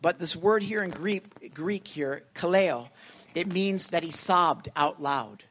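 A man's voice: sits high, slow, fairly bright tone. A man preaching an informal sermon in a church, earnest and conversational, often checking in with his listeners. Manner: earnest, conversational, with frequent "right?" check-ins. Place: church sanctuary.

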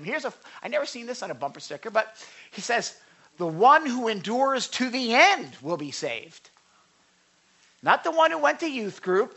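A preacher giving a sermon, emphatic and conversational, swinging between loud declarations and hushed asides. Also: mid-range voice. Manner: conversational with repeated asides and restarts.

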